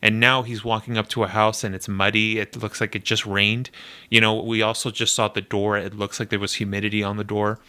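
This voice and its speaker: A young man casually commenting on a game trailer, animated and nitpicky, laughing often as he talks. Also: fairly low pitch, fairly quick, smooth. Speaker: video reactor.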